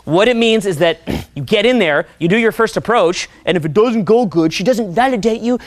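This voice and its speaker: Young guy swearing through a seminar talk, pitch all over the place, dry close sound. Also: brisk, hardly any pauses, no room sound. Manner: profane, animated, acts out voices. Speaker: dating coach.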